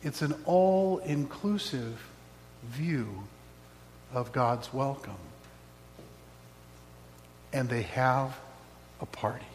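A man's voice: medium pitch, drawn-out words, long pauses, in a large hall, a little hiss or hum. A man preaching a sermon as pastor, reflective with wry asides.

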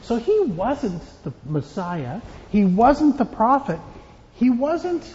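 A man's voice: very high-pitched, sing-song, slow pace, a little mellow, long reverb tail, muffled recording. A man giving a children's sermon as pastor, playful and joking with the kids. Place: church.

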